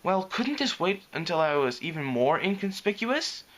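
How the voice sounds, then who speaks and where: A man's voice: sits high, very animated, moderate pace, fairly bright tone, voice pushed up. A man voicing a gloomy, anxious young dragon who talks moodily and sarcastically. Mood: sulky. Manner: moody and sarcastic.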